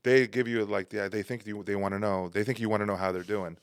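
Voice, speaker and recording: A man from the New York area co-hosting a podcast, chatting quickly and telling jokey stories. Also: fairly low pitch, steady tone, clear, resonant tone, no room sound, studio quality. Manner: quick, joking, tells stories. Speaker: podcast co-host. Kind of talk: casual podcast chat.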